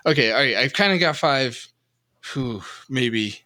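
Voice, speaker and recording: A man's voice: medium pitch, expressive, a little slow, bright, forceful tone. A middle-aged man co-hosting a podcast, rambling and self-deprecating in casual chat. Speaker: podcast co-host.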